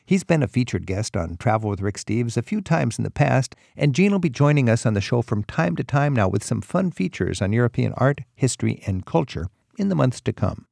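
A man hosting a radio travel show, asking questions in a relaxed, conversational way. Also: medium pitch, creaky, no echo, studio quality. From United States. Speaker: host.

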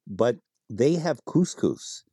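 A man's voice: mid-range voice, animated, slow pace, warm tone, breathy edge, no room sound, studio quality. A man being interviewed on the radio as an expert on Italian food, explaining dishes with enthusiasm and spelling out words.

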